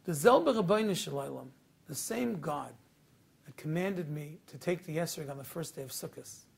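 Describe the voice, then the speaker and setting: A man voicing a devout elderly grandfather who speaks quietly and steadily with solemn calm. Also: a little high, normal speed, gravelly, breathy edge, voice pushed down, heavily acted.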